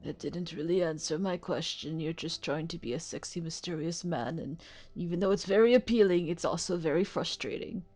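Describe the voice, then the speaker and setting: Woman doing a low, dark-voiced falcon lawyer. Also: brisk, close to an everyday voice. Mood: firm. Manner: formal, commanding, legalistic. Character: stern male falcon defense attorney.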